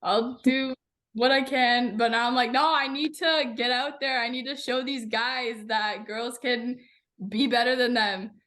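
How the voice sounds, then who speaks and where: A young woman talks with bubbly, animated energy, peppering her sentences with "like." Her voice sits a bit high and sounds bright and forward. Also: measured pace. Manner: bubbly, animated, many "like" fillers. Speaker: guest racer. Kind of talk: casual podcast chat.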